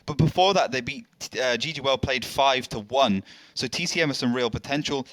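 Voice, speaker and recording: A man co-casting a tank game match in a studio, giving relaxed, chatty analysis with some fillers. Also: mid-range voice, brisk, dry recording. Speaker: esports co-caster. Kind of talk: casual esports commentary.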